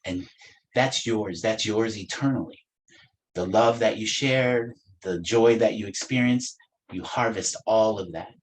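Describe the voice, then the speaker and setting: A man teaching a spiritual practice in a gentle, unhurried way, with playful asides and frequent soft laughs. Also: on the low side, a little hiss or hum, poor audio. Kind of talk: reflective spiritual talk.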